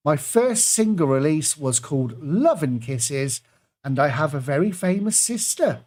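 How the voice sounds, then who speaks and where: A man's voice: fairly high pitch, animated, measured pace, a little mellow. A man hosting an online pub quiz from his computer, reading out clues and laughing at his own slip-ups. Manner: self-deprecating, chatty, fumbles and laughs at own mistakes. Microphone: computer microphone.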